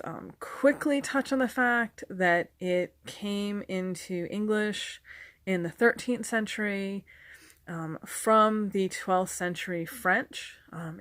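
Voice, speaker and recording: Woman, casual lecturer, lowish voice, dry close sound, ums and self-corrections. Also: fairly bright tone, dry recording. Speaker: video lecturer on folklore. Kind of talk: casual explanatory talk to camera.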